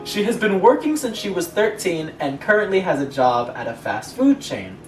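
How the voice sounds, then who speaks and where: A young woman with a fairly low, very animated voice co-hosts a casual chat show, reading posts and stories aloud at a moderate pace with sarcastic asides and frequent laughter. She's recorded from a distance and off-mic in an echoey room, with faint music.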